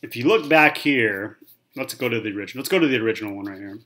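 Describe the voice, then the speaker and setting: A man's voice: mid-range voice, animated, fast, fairly bright tone. A man in his thirties, a math teacher talking casually through a whiteboard lesson, checking in with okay and right. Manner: chatty, repeats okay and right often.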